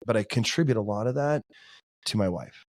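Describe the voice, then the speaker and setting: A man's voice: on the low side, expressive, fairly quick, a little mellow, no echo, clean studio sound. A man in his forties, a podcast guest, talking in an earnest, heartfelt way with lots of casual fillers. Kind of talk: casual interview chat.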